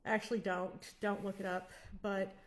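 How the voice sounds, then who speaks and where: Her voice sits in the mid range with little pitch movement, moving at a normal speed. This twenty-something vlogger shares personal experiences candidly, wanders off track now and then, and doesn't sugarcoat her advice.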